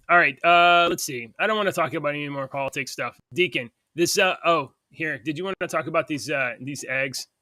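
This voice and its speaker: A man hosting a casual podcast chat, his voice slightly high and bright. He rambles from one point to the next and laughs between them. The sound is close and dry. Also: moderate pace, no echo. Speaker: podcast co-host.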